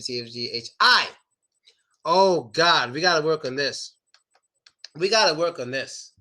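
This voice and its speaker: This is a man teaching English pronunciation to an online class, with a high, bright voice that swoops up and down. He talks slowly and playfully and repeats words carefully so learners can copy them.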